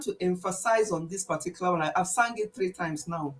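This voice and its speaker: A woman's voice: lowish voice, brisk, hardly any pauses, recorded from a distance, low-quality recording. A woman hosting an online praise and health session, speaking earnestly, repeating herself and teasing her listeners playfully over a video call. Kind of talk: casual spoken prayer and chat.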